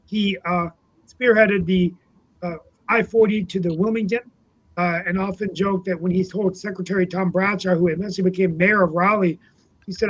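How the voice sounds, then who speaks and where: A man with a fairly high voice shares memories in an unhurried, filler-heavy way. He co-hosts a casual political talk show. The sound is a bit dull and lo-fi. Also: steady tone. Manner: reminiscing, many uh fillers. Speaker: co-host, city councilman.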